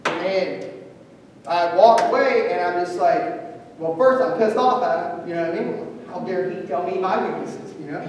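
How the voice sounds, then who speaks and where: A man giving a profane, impassioned motivational speech, swinging from loud to hushed. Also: high voice, moderate pace, slight background noise. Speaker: motivational speaker. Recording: echoey hall, voice from far off.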